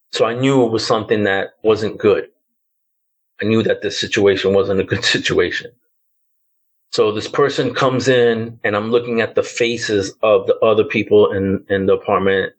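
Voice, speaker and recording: A somewhat low-voiced man around fifty, from the Bronx, talks through a haunting memory as a podcast guest. He tells it casually and haltingly, stacking fillers as he feels for the right words. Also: rough recording. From the Bronx, New York. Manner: loose, hesitant storytelling with many fillers like "like" and "um". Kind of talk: telling a personal ghost story.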